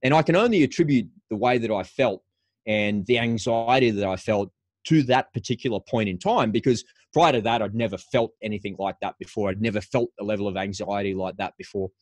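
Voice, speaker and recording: A man's voice: fairly low pitch, a little fast, a little mellow, no room sound. A middle-aged man and former paratrooper telling a personal story frankly as a podcast guest, often restarting his phrases. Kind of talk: candid storytelling in a podcast interview.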